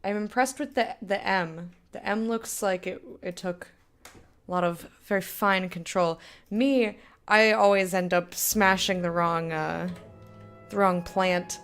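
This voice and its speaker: A woman's voice: medium pitch, fairly even intonation, takes it slowly, a bit bright, smooth, faint music behind. Young female game streamer, casual and rambling, easy laugher. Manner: chatty, laughs often, rambling tangents. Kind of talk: casual chat with stream viewers.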